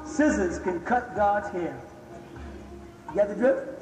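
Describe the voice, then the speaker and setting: A man's voice: sits high, expressive, slow. A man lecturing an audience on religion, emphatic and constantly checking that the listeners follow him. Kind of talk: live lecture with audience questions. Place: large hall before an audience. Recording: echoey hall, faint music.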